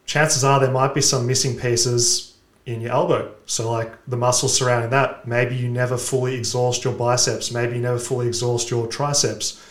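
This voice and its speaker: A man's voice: mid-range voice, roomy sound. A man in a casual podcast chat, explaining training in a methodical, instructional way.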